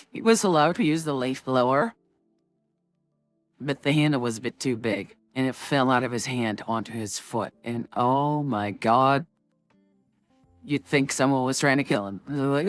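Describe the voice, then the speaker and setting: A woman's voice: very deep voice, no echo. A woman streamer chatting casually with her viewers before a tabletop game, rambling and full of filler words.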